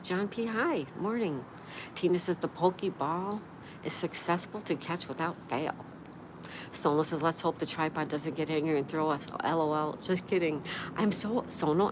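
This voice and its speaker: Low-voiced woman reading livestream chat. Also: background noise. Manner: warm, chatty, reads viewer comments aloud.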